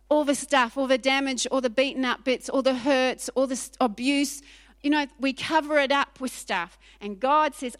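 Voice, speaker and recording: A woman pastor preaching a sermon in an animated, emphatic way, repeating phrases for effect. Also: on the high side.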